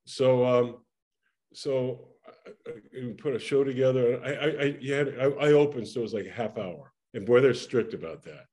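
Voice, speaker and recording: An older man, a guest in an interview, tells a lively story from his performing days, laughing often and restarting his sentences. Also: mid-range voice, normal speed. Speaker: interview guest, former actor and singer. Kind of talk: casual anecdotal storytelling.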